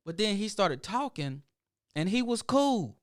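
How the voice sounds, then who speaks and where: A middle-aged man talks through a loose, storytelling monologue as host of his own show. His voice is smooth and clear, recorded close and dry with no room sound. He wanders through emphatic asides and restarts. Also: high-pitched, very animated, measured pace, no room sound. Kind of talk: casual livestream monologue.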